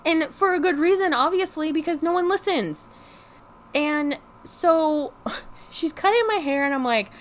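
A young woman telling a frustrated storytime vlog in casual chat, animated and exasperated, swearing freely and saying "like" constantly. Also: sits high, a little slow, slight background noise. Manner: heavy use of "like" as filler. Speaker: vlogger.

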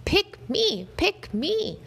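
A woman voicing a clumsy, eager male dog in a storybook read-aloud, pleading in a high voice to be picked. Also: sing-song, very slow, vocal fry, fairly bright tone, exaggerated voice.

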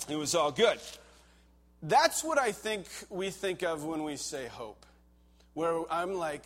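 Storytelling pastor with a slightly high voice. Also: male voice, measured pace. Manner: conversational storytelling, animated when reliving panic. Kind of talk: sermon with personal story.

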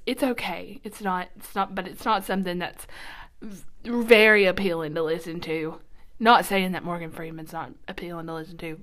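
A woman hosting a casual devotional podcast, chatty and upbeat, often dropping to a soft whisper, recorded in a quiet church nursing room. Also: on the low side. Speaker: podcast host.

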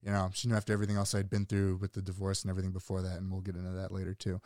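A man's voice: low voice, monotone, racing, darkish tone, no echo, studio quality. A young man in casual conversation, candidly telling his own story in a laid-back way and quoting other voices. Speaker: guest sharing his story.

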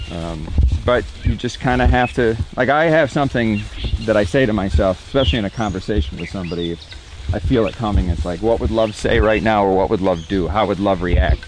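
A man speaking as the guest artist in a reflective interview, earnest and growing animated when he makes a point. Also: lowish voice, a little hiss or hum, low-quality recording.

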